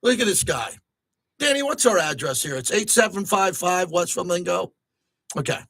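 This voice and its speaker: A man's voice: sits high, normal speed, gravelly, breathy edge, no echo. A man hosting a sports talk radio show from a studio, talking at length and getting worked up at times. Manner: excitable, rising to near-shouting when riled. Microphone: close studio mic.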